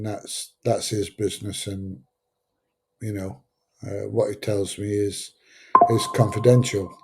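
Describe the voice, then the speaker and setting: A man's voice: lowish voice, flat delivery, slow pace, gravelly, warm tone, breathy edge. A man in his seventies with a Sheffield accent, chatting casually on his livestream in a rambling, blunt way. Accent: Sheffield English. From Sheffield, England. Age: 70s. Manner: rambling, chatty, blunt, drops into mild swearing. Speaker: livestream host. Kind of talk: casual livestream chat reading out viewer comments.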